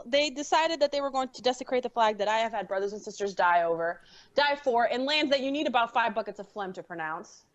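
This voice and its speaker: A woman's voice: high voice, lo-fi sound. A woman co-hosting a casual podcast, brash and joking, who swings into fired-up rants. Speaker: podcast co-host. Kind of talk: casual podcast banter and rant.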